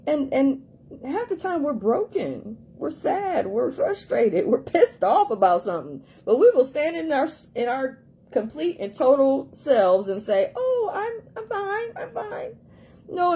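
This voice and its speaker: A woman's voice: fairly high pitch, sing-song, measured pace, mellow, breathy edge. A woman life coach giving an emphatic motivational talk, repeating herself for emphasis and acting out quoted voices.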